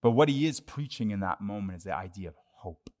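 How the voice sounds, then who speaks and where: A man's voice: fairly low pitch, a little fast. Man preaching in a conversational way. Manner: conversational preaching, shifts between lively and hushed. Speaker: pastor. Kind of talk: sermon.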